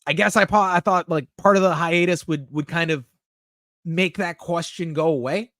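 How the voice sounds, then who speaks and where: A young man talks casually to his live-stream chat, reading messages aloud and answering them with candid, swear-laden replies. His voice sits a little high for a man. The sound is dry and close, with no room echo. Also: steady tone, moderate pace, a bit bright.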